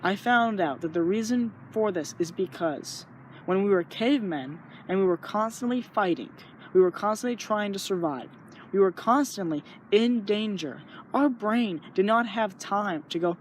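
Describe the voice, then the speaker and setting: A man's voice: sits high, expressive, normal speed, slight background noise. A young man talking earnestly in a rambling, casual way, sharing his thoughts and acting out little inner voices. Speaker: vlogger. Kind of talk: casual spoken reflection.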